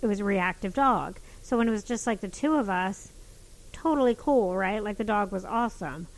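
A woman telling a story in casual chat, animated and swearing, with many restarts. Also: mid-range voice, normal speed, rough recording.

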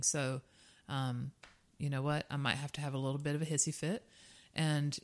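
Low-voiced woman in casual chat. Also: measured pace. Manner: candid, laughing, swears casually. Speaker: podcast co-host.

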